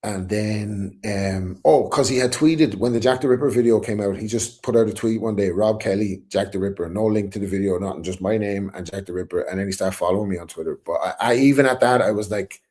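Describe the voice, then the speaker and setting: A man's voice: lowish voice, brisk, few pauses, a little mellow. A middle-aged Irish man telling a story in a casual chat, acting out the quotes and swearing freely. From Ireland. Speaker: guest rapper.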